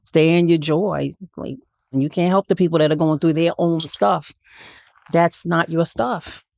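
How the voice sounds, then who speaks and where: A woman with a low, deep speaking voice talks reflectively in a heartfelt interview. She often stops and restarts her phrases as she works out her thoughts. The studio sound is dry and close. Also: fairly even intonation, unhurried, vocal fry, a little mellow, no echo. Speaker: guest. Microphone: podcast studio mic.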